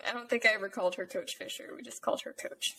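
A woman's voice: mid-range voice, steady tone, fast, creaky, pushed and bright. A woman, telling stories in casual podcast chat as a co-host. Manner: chatty, enthusiastic storyteller.

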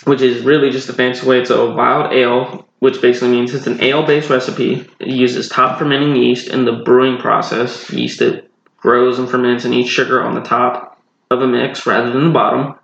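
A man's voice: mid-range voice, flat delivery, a little fast, creaky, fairly bright tone. A man from North Carolina co-hosting a podcast, chatting casually and explaining beers at length with a laid-back, digressive manner. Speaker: podcast co-host. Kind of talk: casual podcast chat with beer reviewing. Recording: roomy, dull lo-fi sound.

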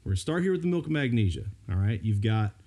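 A man's voice: on the low side, fast talker. A middle-aged man, a dad co-hosting a casual talk show, telling a story animatedly and acting out the people in it. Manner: animated storyteller who acts out quotes. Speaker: podcast co-host, dad.

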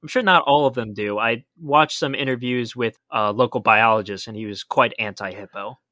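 A man's voice: medium pitch, normal speed, bright, forceful tone, no echo, clean studio sound. A man co-hosting a podcast, explaining in a casual chat with emphatic warnings. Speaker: podcast co-host.

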